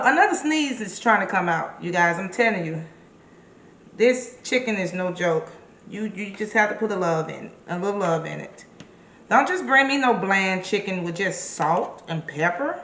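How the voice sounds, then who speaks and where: A woman's voice: medium pitch, animated, normal speed, fairly bright tone, reverberant, slight background noise. A woman giving a casual, chatty cooking demonstration in her kitchen, encouraging the viewer with emphatic repeated words. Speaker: home cook and caterer.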